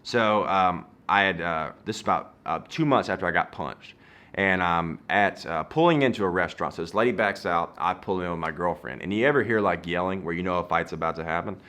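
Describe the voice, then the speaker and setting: Male comic in his 30s, bright tone, animated storyteller, in a garage. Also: deep voice, a little fast. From Southern United States. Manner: animated, playful, swings loud and soft. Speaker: comedian. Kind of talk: comedic storytelling.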